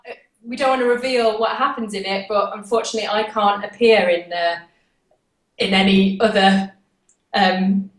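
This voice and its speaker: A woman's voice: medium pitch, fairly even intonation, moderate pace, distant mic. A woman from the UK with a British accent, a guest actress chatting casually over a video call, easygoing and asking questions back. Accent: British English. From United Kingdom. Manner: easygoing, laughs often, asks questions back. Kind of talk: casual chat. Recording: roomy video call audio.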